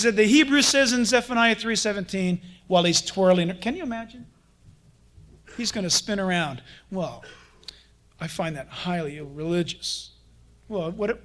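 Male pastor, sermon delivery, high and very lively pitch, conversational with playful asides. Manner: animated, conversational preaching with playful mock dialogues.

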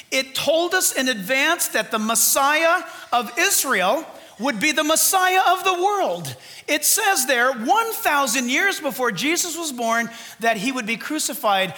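A fervent man preaching to his church, his voice very high and bright. He is loud and exuberant, tosses in jokes, and his words ring through a long reverberant hall. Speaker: pastor. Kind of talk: sermon. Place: church sanctuary.

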